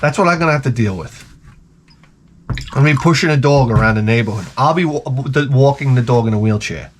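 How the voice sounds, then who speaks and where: A man hosting his channel, telling comedic stories in an animated, profane, exaggerated way. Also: mid-range voice, fairly quick, a little hiss or hum. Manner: animated, profane, exaggerated, jumps into quoted voices. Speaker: channel host. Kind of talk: casual comedic storytelling rant.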